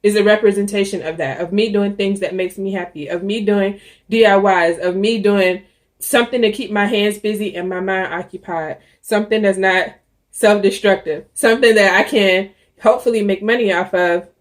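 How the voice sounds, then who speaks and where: A woman's voice: mid-range voice, fairly even intonation, moderate pace. Chatty woman vlogger, candid and rambling. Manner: chatty and candid, with frequent ums and restarts. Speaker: YouTuber. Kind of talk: casual chat to camera.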